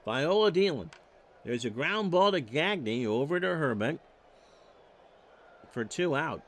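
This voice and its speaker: A man's voice: fairly high pitch, animated, slow. A man calling baseball play-by-play, reading off stats with wry joking asides. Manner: stat-heavy calls with wry joking asides. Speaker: play-by-play announcer.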